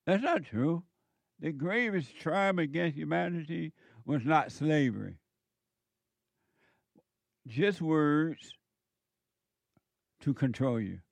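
A man's voice: on the high side, expressive, slow, vocal fry, pauses often, no echo. A man hosting a commentary show, delivering an emphatic, lecturing monologue that repeats its points.

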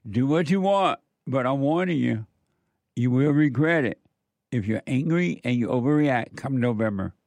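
Guy ranting in a dry close room, mid-pitched, keeps repeating himself for emphasis. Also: lively intonation, normal speed, vocal fry, darkish tone, no echo. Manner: emphatic, repetitive warnings. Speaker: political commentator. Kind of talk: opinion monologue.

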